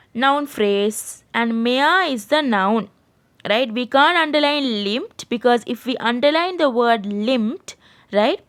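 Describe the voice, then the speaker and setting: Sri lankan lady teacher, bit high voice, online grammar class, keeps saying right?. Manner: explains patiently, keeps checking with "right?". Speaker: English teacher. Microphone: screen-share voice recording.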